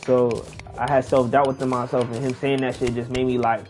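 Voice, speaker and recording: A young man casually telling a long personal story while playing a game, slangy and animated, acting out the people he quotes. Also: mid-range voice, a little fast, a little hiss or hum. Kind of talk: casual storytime over gameplay.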